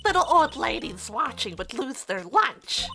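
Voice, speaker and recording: A cranky old security lady who croaks and scolds every young visitor, as a woman puts her on for a game. She grumbles about youths in a high, swooping voice, bright and sharp. She lingers over her words. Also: very animated, a little slow, faint music behind, heavily acted. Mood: gossipy. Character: cranky nosy old female studio security guard.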